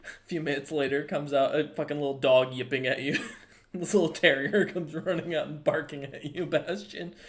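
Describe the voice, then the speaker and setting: A man narrating a tabletop game as game master, halting and full of ums and uhs. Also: on the high side, fairly even intonation.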